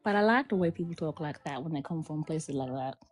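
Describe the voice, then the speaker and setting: A woman co-hosting a casual live-stream chat, who speaks with halting restarts and laughs often. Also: low voice, expressive, soft background music.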